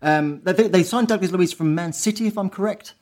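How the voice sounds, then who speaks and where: A man hosting a casual football chat podcast. His voice sits high for a man and he talks with brash, sweary energy, tossing out quick banter. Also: darkish tone. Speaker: podcast host.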